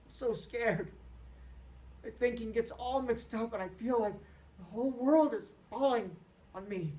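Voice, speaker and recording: A man voicing a frightened, furious teenage boy who shouts and sobs. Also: very high voice, a little slow, far from the mic, pitched above the performer's own voice. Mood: sobbing. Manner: screaming, sobbing, shouting.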